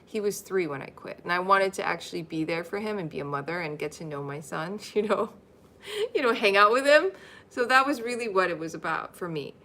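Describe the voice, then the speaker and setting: Bright-voiced woman chatting on a live stream. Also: fairly low pitch, animated, fairly quick. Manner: chatty, laughs often, repeats phrases over and over. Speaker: livestream host teaching money affirmations. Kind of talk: casual live-stream teaching.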